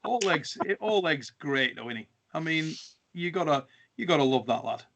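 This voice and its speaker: A man co-hosting a casual chat, speaking haltingly and often restarting his phrases. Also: fairly high pitch, lively intonation, a bit bright. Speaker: co-host.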